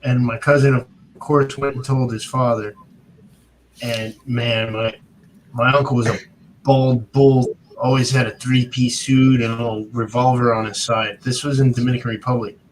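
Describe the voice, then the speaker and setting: A man, a guest on a casual talk show, telling an animated family story. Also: medium pitch, normal speed, slight background noise, low-quality recording. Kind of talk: casual chat.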